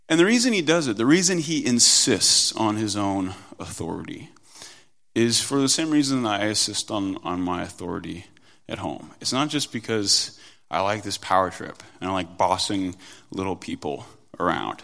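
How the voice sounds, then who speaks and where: A man in his thirties preaching a sermon in a conversational, animated way, moving between loud stresses and quiet asides. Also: lowish voice, moderate pace, vocal fry. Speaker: pastor.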